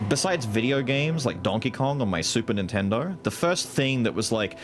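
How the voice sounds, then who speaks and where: A man in his thirties chats casually while streaming a game, swearing freely. His voice has a middling pitch but swings up and down a lot. Faint game music plays underneath. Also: expressive, normal speed, few pauses. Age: 30s. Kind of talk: casual gaming commentary.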